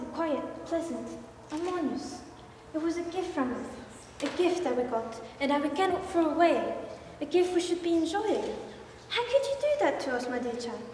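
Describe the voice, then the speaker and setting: Mother Gothel, a woman playing her, soft and guilt-tripping. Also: high-pitched. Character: possessive, manipulative older mother, villainess. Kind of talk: amateur school stage play. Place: school theater stage. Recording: echoey hall, far from mic, faint noise.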